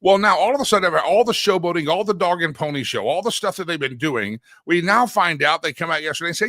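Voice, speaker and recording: A man's voice: sits high, lively intonation, fairly quick, sharp tone, no echo. A middle-aged man from Texas, hosting a talk show and ranting through a sarcastic, opinionated monologue. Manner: sarcastic, ranting, laughs at his own jokes. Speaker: radio talk show host.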